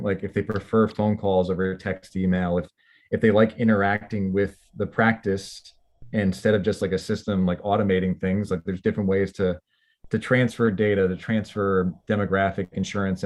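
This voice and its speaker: A man with a fairly low voice speaks as a guest on a podcast. His talk is loose and conversational, with plenty of casual fillers strung between his points. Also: darkish tone. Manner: loose and chatty, many "like" and "you know" fillers. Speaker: company representative guest.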